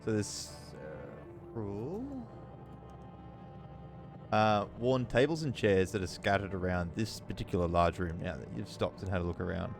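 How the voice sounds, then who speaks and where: A somewhat low-voiced man running a tabletop game, leisurely and descriptive, trailing into ums as he sets each scene. Clear background music plays under his narration. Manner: unhurried, descriptive, with frequent ums. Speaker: dungeon master.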